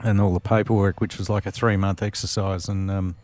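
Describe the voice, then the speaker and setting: A man recounts his racing days as a podcast guest. His voice sits a little low, and he rambles through anecdotes with plenty of fillers and restarts. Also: little pitch movement, brisk, darkish tone. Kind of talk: casual storytelling interview.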